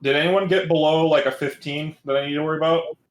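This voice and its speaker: A man's voice: a little high, fairly even intonation, quick pace, reverberant, slight background noise, low-quality recording. A man narrating as dungeon master for a tabletop game, loose and rambling, with many fillers.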